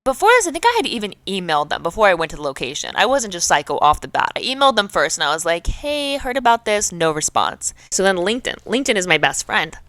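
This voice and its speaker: A young woman hosts her own show, telling a story in a casual, chatty way. Her voice sits at a middling pitch but swoops up and down a lot, and she packs her sentences with fillers. The sound is dry, with no room around it. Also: quick pace, few pauses, no echo. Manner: chatty, animated, filler-heavy. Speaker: podcast host.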